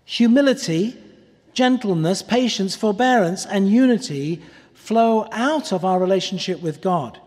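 Man preaching, fairly high husky voice, lively swooping delivery, long hall reverb. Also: unhurried. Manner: earnest, pleading, drops softly on key words. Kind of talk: sermon.

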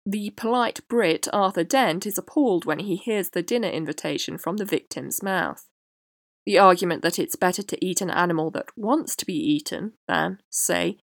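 A woman hosting a podcast, reading a prepared essay in a measured way. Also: lowish voice, expressive, gravelly, dry recording, studio quality. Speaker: podcast host. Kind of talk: scripted essay narration.

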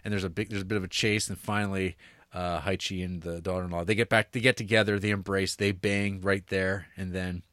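A man's voice: sits low, level tone, a little fast, a bit bright, dry recording, studio quality. A young man casually retelling a film's story, full of fillers, restarts and "like". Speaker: podcast co-host. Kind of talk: casual movie discussion.

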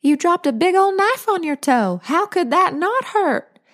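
A proud, elegant grandmother who speaks with emphatic self-assurance and takes charge when things go wrong, as a woman reading a storybook puts her on. Her voice sits noticeably higher than the reader's own. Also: sing-song, measured pace, full character voice. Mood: alarmed. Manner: emphatic, bossy.

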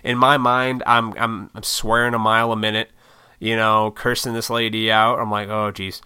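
In a lowish, flat voice at normal speed, pushed and bright with a clean tone, a vlogger short on sleep delivers a casual storytelling monologue. It's a rambling, swear-filled, self-deprecating story about his impatience, in a dry, clean studio recording.

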